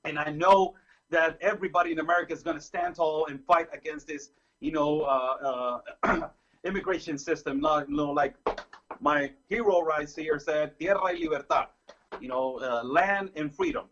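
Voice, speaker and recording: A man's voice: on the high side, normal speed, a bit bright. A man from Mexico, a guest correspondent speaking effusively and passionately, repeating himself. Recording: dull lo-fi call audio.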